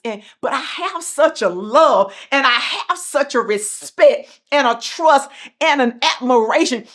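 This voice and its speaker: A woman's voice: high voice, measured pace. A middle-aged woman giving a motivational speech as host, repeating phrases with an emphatic, preacher-like cadence. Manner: swings from soft and calm to loud and passionate. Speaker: motivational speaker and show host.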